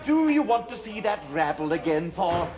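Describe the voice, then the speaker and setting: An actor playing a stern, curt accountant in a 1970s sitcom. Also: male voice, sits high, big pitch swings, moderate pace, darkish tone. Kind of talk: 1970s studio sitcom acting.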